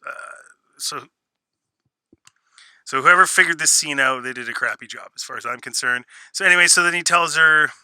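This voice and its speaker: A man's voice: on the high side, pushed and bright, clean tone, no room sound. A man ranting sarcastically through a spoiler review, exasperated and mocking what he reviews. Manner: sarcastic, exasperated, mocks lines in put-on voices. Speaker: show reviewer.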